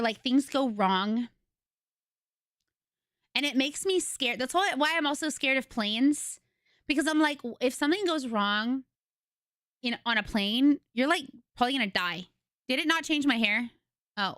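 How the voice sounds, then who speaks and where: High, bright-voiced young woman streamer. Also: clean tone, no echo, clean studio sound. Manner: excitable, giggly, chatty storytelling. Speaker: livestreamer. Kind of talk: casual chat with a live audience. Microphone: desk microphone.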